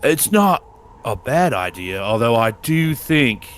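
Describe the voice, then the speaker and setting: A man's voice: mid-range voice, very animated, slow pace, a little hiss or hum. A man playing a tabletop game, joking crudely in character. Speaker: player.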